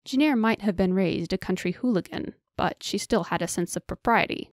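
A woman narrating a fantasy audiobook with steady storytelling on a close mic. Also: medium pitch, normal speed, no room sound. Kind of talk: scripted narration.

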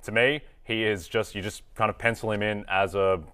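Low-voiced Australian co-host. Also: male voice, level tone, moderate pace, fairly bright tone, clean tone. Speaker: fantasy football co-host. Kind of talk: sports analysis chat.

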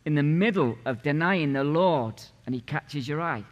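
A man's voice: on the high side, lively intonation, normal speed, muffled recording. A man in his late forties preaching a sermon as pastor, punchy and conversational, firing rhetorical questions at the congregation. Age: 40s. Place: church sanctuary. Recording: long church reverb.

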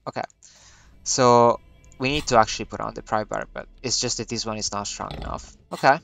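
Gamer guy thinking aloud as he plays; smooth, resonant voice, hesitant and musing. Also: mid-range voice, a little fast, a bit bright, dry recording. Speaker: let's play gamer. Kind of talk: gameplay commentary, reading game text aloud.

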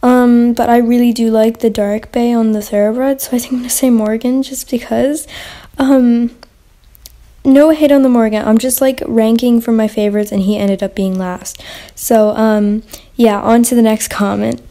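A woman's voice: a little high, steady tone, moderate pace, mellow. Chatty young woman rambling with fillers. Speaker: channel host. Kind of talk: casual Q&A gaming vlog.

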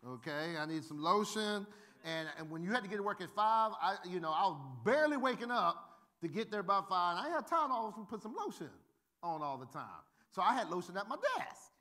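Bright high-voiced preacher man. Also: brisk. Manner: animated, humorous, acts out quoted voices. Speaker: pastor. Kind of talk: sermon with storytelling.

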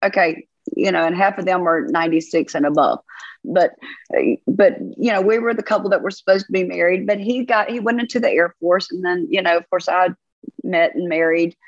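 A woman's voice: on the low side, brisk, no room sound, lo-fi sound. Folksy Southern woman, chatty. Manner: chatty, folksy, laughs easily. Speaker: podcast guest, pastor. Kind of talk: casual storytelling chat.

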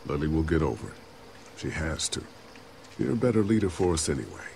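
A man's voice: fairly quick, vocal fry, a little hiss or hum, heavily acted. An actor playing a weary grown man who protects a young girl, speaking grimly and steadily. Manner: low, grim, steady.

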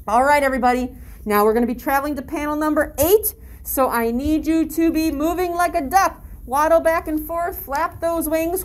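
A woman with a high, bright voice leads children along an outdoor story walk, reading a picture book aloud. She sounds upbeat and encouraging in the way of a teacher, and she breaks into playful animal-sound imitations. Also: normal speed. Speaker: library story-walk guide.

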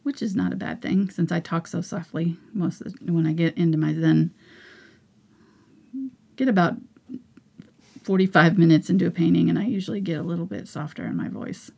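A woman teaching a live painting lesson in a breathy, soft voice, often mumbling as if talking to herself. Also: lowish voice, steady tone, moderate pace, long pauses. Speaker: painting instructor.

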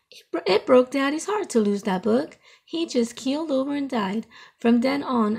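A woman's voice: a little high, vocal fry, husky. A woman voicing a grieving mother. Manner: sorrowful, soft.

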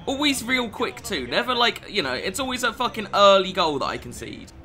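A young man commenting on his own football video game match, moving from quiet mutters to furious, swearing shouts. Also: high-pitched, big pitch swings, brisk. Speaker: gaming YouTuber. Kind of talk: live gameplay commentary.

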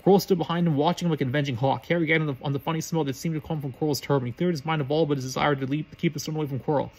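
A man reading a story aloud, quickly and with frequent stumbles and restarts. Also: fairly high pitch, fairly even intonation, a little mellow. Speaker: reader.

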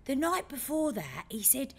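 Animated woman telling a story. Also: high voice, moderate pace, a little hiss or hum. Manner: animated storyteller, acts out her dad's lines. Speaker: podcast co-host. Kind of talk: casual chat, storytelling.

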